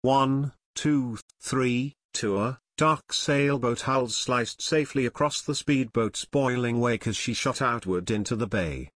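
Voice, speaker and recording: A man narrating an adventure audiobook in a steady, measured storytelling manner. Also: mid-range voice, dry recording. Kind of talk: scripted narration.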